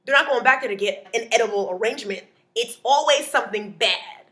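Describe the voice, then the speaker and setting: A female stand-up comic with a voice on the high side delivers her story briskly, staying playful and animated while doing impressions of other people's voices.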